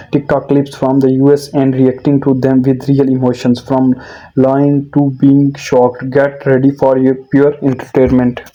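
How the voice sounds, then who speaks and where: A man reading a scripted intro as narrator in a flat, read-out manner. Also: mid-range voice, dull audio.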